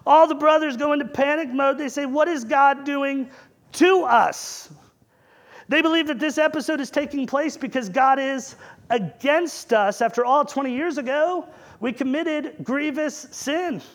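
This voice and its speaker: A man's voice: extremely high pitch, moderate pace. A man preaching a sermon in a conversational way, asking the congregation rhetorical questions.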